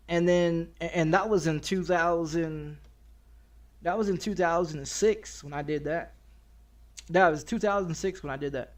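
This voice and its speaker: A man streaming a game while casually telling a story, swearing often and restarting his sentences. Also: high-pitched. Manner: profane and rambling, with many restarts.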